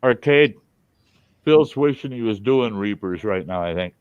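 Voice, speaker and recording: A man's voice: fairly low pitch, unhurried, smooth, no echo, narrow, tinny audio. A man hosting a casual livestream, chatting and joking while he eats, talking with his mouth full. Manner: jokey and chatty, lively. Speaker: show host.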